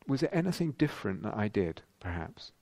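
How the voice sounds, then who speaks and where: A man giving a thoughtful dharma talk as a meditation teacher at a retreat, pausing and restarting as he searches for words. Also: lowish voice, big pitch swings, gravelly, a little mellow, no room sound. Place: retreat centre meditation hall.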